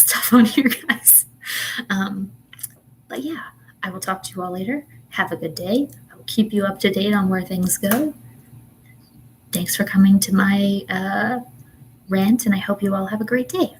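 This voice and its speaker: A woman's voice: mid-range voice, slight background noise, rough recording. A young woman, a mother, ranting in a casual livestream chat, exasperated and chatty with lots of ums and laughs. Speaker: vlogger and mother.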